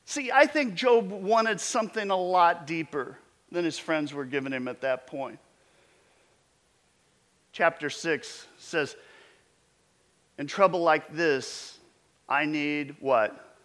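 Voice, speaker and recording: A middle-aged male pastor delivers a sermon at an unhurried pace. His voice sits a little high and sounds bright and forceful. He preaches emphatically, stumbling and restarting his phrases now and then.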